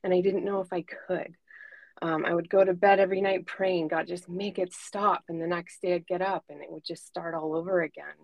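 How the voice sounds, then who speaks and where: A woman's voice: on the low side, level tone, brisk, creaky, no room sound, highs cut off. A woman in her forties, a guest life coach for mothers, telling a candid personal story in an earnest way, with frequent ums and self-corrections. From United States.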